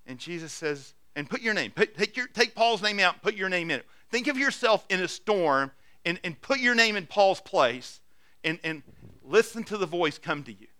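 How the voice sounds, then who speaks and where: Male pastor preaching, bright forceful voice, bit higher than most guys, earnest, loud then hushed. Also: lively intonation, normal speed, no room sound. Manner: earnest, swings between loud urging and quiet intimacy, frequent restarts. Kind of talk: sermon.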